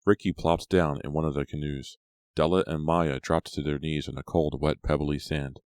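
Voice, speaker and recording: A man narrating an audiobook in a steady storytelling voice. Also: very deep voice, moderate pace, dry recording, clean studio sound. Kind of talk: scripted narration.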